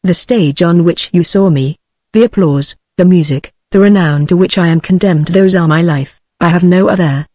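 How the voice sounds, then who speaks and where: A woman's voice: on the low side, normal speed, warm tone, no echo, clean studio sound, close to an everyday voice. British synthetic woman reading a sorrowful fragile singer. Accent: British English. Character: sad, fragile young singer, female.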